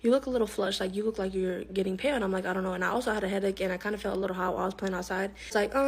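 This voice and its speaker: A young woman telling a personal story in a rapid, emphatic way, acting out the people she quotes. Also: mid-range voice, creaky, husky. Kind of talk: storytime narration.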